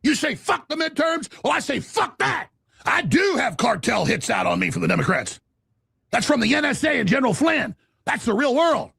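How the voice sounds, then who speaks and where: A man as a talk-show host in a rapid, indignant, shouting rant. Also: extremely high pitch, big pitch swings, vocal fry, husky, no echo.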